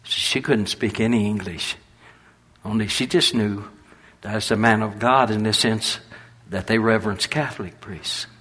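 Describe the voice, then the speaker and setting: Husky folksy older preacher. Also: male voice, on the low side, unhurried. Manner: folksy, animated, laughs through his stories. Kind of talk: storytelling sermon.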